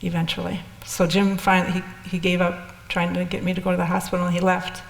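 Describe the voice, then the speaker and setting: Older woman, gravelly voice in an echoey hall. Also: lowish voice, completely flat delivery, quick pace. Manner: candid, rambling with restarts. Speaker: speaker sharing experiences. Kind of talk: personal storytelling talk. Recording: echoey hall with long reverb.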